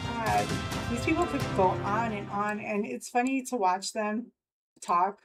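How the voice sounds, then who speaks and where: A woman's voice: mid-range voice, measured pace, faint music behind, rough recording. A woman hosting a live news stream, talking loosely with many fillers and frequent laughter. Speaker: livestream host. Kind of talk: casual live commentary.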